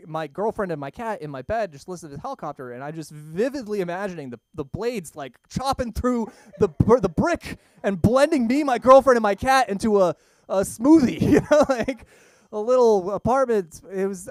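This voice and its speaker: A man's voice: high voice, no echo, studio quality. A young man doing an open-mic stand-up set in a small comedy club, rambling and self-deprecating, often laughing at his own jokes.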